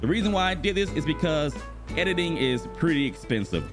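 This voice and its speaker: A man in his thirties casually chatting about a video game while he plays, animated and quick to exclaim. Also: a little high. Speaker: gaming YouTuber and streamer. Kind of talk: casual gaming vlog commentary while playing. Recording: music bed playing clearly behind the voice.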